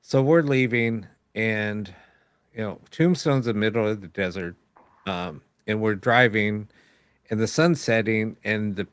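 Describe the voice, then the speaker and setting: A man's voice: on the low side, no echo. Man rambling through a casual story. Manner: rambling, with many fillers and quoted dialogue. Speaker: host of a live paranormal show.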